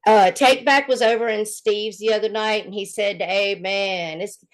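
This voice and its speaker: A woman from Alabama with a Southern accent, co-hosting a casual gossip chat and telling stories in a mocking, animated way. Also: medium pitch, moderate pace. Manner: animated, mocking storytelling with laughter. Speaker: co-host.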